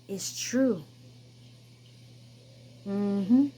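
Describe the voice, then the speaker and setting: A woman speaks straight to her viewers in a rather low, mellow voice. She tells her story emphatically and insistently, often repeating phrases and restarting her sentences. Her tone is soft and dark rather than bright. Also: unhurried, breathy edge, rough recording. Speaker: vlogger, channel host. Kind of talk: personal storytelling monologue.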